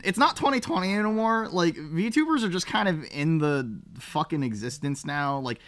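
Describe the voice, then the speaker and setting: Animated, bright-voiced young male streamer. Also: a little high. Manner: profane, rambling, reacting to chat. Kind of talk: casual live-stream chat.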